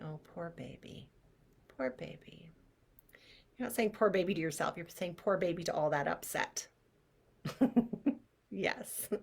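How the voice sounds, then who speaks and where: Low-voiced woman guiding an energy meditation. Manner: expressive, chatty, drops to soft near-whispers when guiding. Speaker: clairvoyant energy-healing teacher. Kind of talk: guided visualization lesson.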